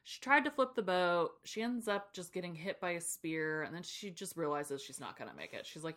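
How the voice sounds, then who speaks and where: A woman's voice: fairly low pitch, lively intonation, brisk, few pauses, fairly bright tone. A woman co-hosting a podcast, casually recapping a book chapter with lots of laughter and acted-out character voices. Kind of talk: casual chat.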